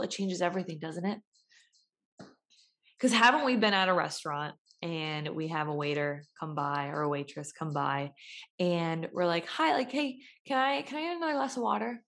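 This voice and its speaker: A young woman giving a casual motivational talk, chatty, acting out everyday scenes with quick voice changes. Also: fairly low pitch. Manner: chatty, acts out little scenes with quick voice shifts.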